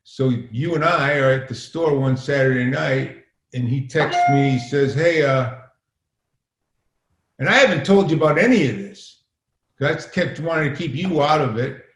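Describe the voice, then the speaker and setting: A man's voice: a little high, normal speed, fairly bright tone. Rambling storyteller man in a roomy space. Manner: rambling, profane, acts out quoted exchanges. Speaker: podcast guest, filmmaker. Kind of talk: casual storytelling. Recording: roomy echo.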